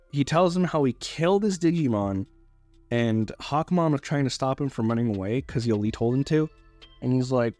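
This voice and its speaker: A man's voice: mid-range voice, darkish tone. Young guy rambling thru a movie recap, swears a lot, keeps restarting, faint music behind. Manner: rambling, loose, swears casually, many fillers and restarts. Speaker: YouTuber reviewing a movie.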